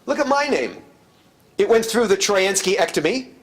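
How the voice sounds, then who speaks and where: A middle-aged man from New York speaks as a guest historian, mixing jokes and anecdotes into his lecture. His voice sits high for a man. He drops and lifts his pitch a lot to act out the people he quotes. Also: very animated, normal speed. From United States, New York. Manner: wry storyteller, shifts pitch widely for quoted voices.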